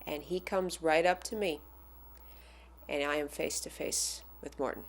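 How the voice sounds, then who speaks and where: A woman casually telling a personal anecdote as a fan, animated and acting out the people she quotes. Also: sits low, measured pace, a little hiss or hum. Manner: animated, acts out the voices of the people in her story.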